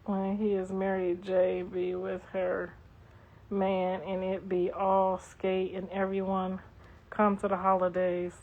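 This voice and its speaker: A woman's voice: mid-range voice, monotone, measured pace. A middle-aged woman hosting a livestream, chatting casually and reading comments in a blunt, profane, sassy way. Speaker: livestream host. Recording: dull lo-fi livestream audio.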